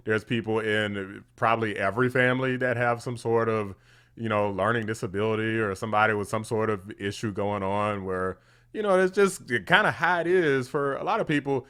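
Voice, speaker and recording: A man giving heated reaction commentary on the news, scoffing and laughing between points. His voice sits in an ordinary middle pitch, recorded close at home. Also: fairly bright tone. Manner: mocking, laughs often at what he hears. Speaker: political commentary host.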